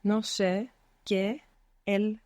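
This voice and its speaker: Female student, mid pitch, tentative answers, dry recording. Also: little pitch movement, extremely slow, a little mellow, no room sound. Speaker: language student. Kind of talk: answering in a lesson.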